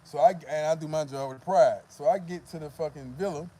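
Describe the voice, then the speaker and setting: Mellow-voiced man telling a rambling story. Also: fairly high pitch, a little fast. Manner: profane, rambling, full of "you know what I mean". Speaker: vlogger. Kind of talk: casual storytelling to camera.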